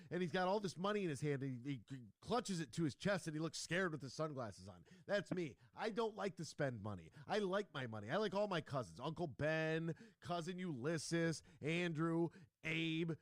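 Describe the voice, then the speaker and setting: A man hosting a sports radio show, telling stories in a casual, animated way and acting out the quotes. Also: fairly high pitch, no echo, studio quality. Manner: animated storyteller, acts out quotes, laughs.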